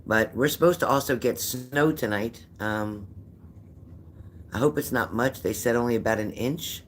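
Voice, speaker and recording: An older man with a somewhat low voice chats loosely to his livestream viewers, rambling and greeting them by name. He sounds worn out. A faint hiss of noise sits under his voice. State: tired. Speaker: psychic livestream host. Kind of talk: casual livestream chat reading viewer comments.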